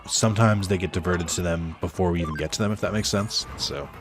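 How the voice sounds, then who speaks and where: A man's voice: low-pitched, quick pace, music in the background. A man telling a casual, rambling story over his gameplay as a YouTuber, full of fillers and chuckles. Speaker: gaming YouTuber.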